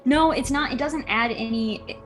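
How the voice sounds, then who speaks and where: A woman narrating as game master, explaining rules and scenes in a relaxed way, with frequent fillers. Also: high-pitched, moderate pace, faint music behind.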